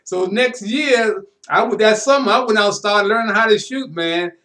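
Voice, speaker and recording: A man's voice: high voice, moderate pace, pushed and bright. A man hosting a sports talk show in a folksy, casual way, often adding "man" to his sentences. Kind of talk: casual interview chat.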